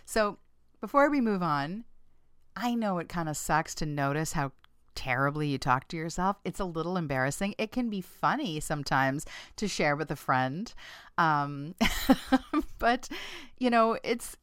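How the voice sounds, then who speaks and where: A woman hosting a casual self-help talk for listeners, playful and frank, laughing often and jumping in pitch when she acts out quoted lines. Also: fairly bright tone, dry recording, clean studio sound. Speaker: podcast host.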